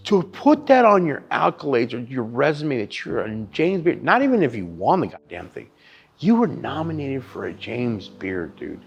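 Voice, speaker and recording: A man in his thirties, a barbecue chef, telling stories in a casual interview, animated and profane. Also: medium pitch, normal speed, vocal fry, slightly rough, highs cut off. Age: 30s.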